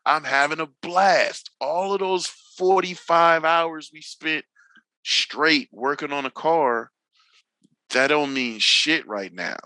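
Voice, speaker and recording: Bright-voiced man telling loose garage stories. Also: fairly high pitch, takes it slowly, no room sound, poor audio. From Northern California. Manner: loose slangy storytelling, swears freely, acts out quotes. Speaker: podcast guest, drifting veteran. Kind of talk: casual chat.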